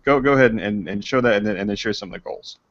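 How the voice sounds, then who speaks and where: A man's voice: lowish voice, rapid-fire. A man hosting a casual video-call interview, enthusiastic and full of exclamations. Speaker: host. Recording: dull lo-fi call audio.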